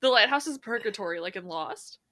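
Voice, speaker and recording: A woman co-hosting a casual film podcast, making quick jokey asides. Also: mid-range voice, expressive, bright, forceful tone. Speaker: podcast co-host. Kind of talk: casual chat.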